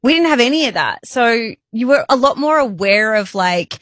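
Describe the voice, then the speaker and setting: A woman guest on a podcast who once worked in radio, talking in a relaxed, thoughtful way. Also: on the high side, normal speed, no room sound, studio quality. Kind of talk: casual chat.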